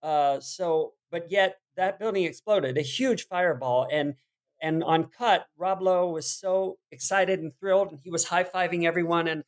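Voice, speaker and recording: Man, actor guest, lively storyteller, frequent laughs, somewhat high voice. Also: normal speed. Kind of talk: casual interview chat.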